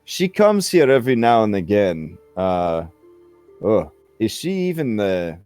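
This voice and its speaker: A man's voice: on the low side, very animated, a little slow, a little mellow, smooth, no echo, soft background music. A man voicing a polite, slightly awkward young male nature guide in a tabletop game. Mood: flustered.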